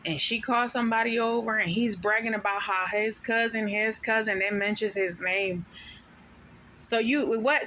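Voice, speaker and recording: Bright, forceful woman venting a story. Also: medium pitch, fairly quick, slight background noise. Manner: profane, emphatic, venting; drops Spanish slang words. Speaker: vlogger telling a personal story; mother of five. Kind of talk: casual storytelling to camera.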